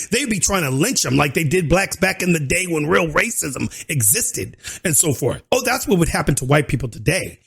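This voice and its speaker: Male reaction host, high voice, lively swings, mocking, laughs a lot. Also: creaky, slightly rough. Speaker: commentator reacting to a video. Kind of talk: casual reaction commentary.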